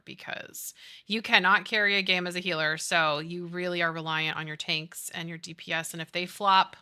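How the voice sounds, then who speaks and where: A woman's voice: fairly low pitch, fairly even intonation, brisk, pushed and bright, clean tone. A woman in her thirties, a streamer chatting casually with her viewers while she builds in a game. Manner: chatty, upbeat, reads and answers chat.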